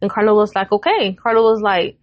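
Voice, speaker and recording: A woman's voice: mid-range voice, a little fast. A woman retells a fight at home, jumping into everyone's voices and cursing freely. Her voice sits mid-range. The sound is muffled and lo-fi but close, with no room echo. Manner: animated retelling with quoted voices, frequent swearing. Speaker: podcast co-host. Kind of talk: casual storytelling chat.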